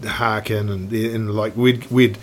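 Speaking slowly in a lowish voice with little pitch movement, this middle-aged New Zealander guests on a casual podcast, where his stories as a snowboard industry veteran ramble along full of fillers and restarts. There's slight background noise.

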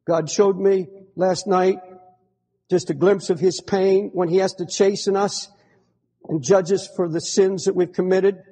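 A fervent male preacher with a high, husky voice. He moves between impassioned, pleading outbursts and low, grave passages. His words ring out with a long reverb, as in a large church sanctuary. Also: level tone, a little slow. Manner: fervent, swinging between pleading cries and hushed, grave tones. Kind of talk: impassioned sermon.

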